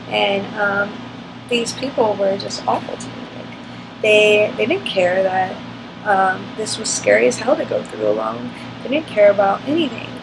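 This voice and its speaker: Emotional woman with a gravelly voice. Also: mid-range voice, noisy background. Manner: emotional, candid, frequent fillers. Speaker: vlogger. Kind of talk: personal storytelling to camera.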